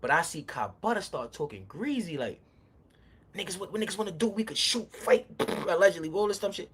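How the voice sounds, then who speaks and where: A man tells a street story in a loose, profane, animated way. His voice sits a little high for a man, and he jumps into the other people's lines as he acts out each standoff. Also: a little fast, a little hiss or hum.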